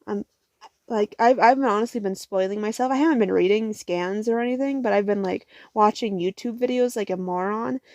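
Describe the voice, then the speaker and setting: A young woman rambles through her latest manga haul in a mellow, warm voice, cursing freely and talking herself into bursts of excitement. She sounds tired. The sound is close and dry, with no room echo. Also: mid-range voice, normal speed. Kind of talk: casual haul vlog.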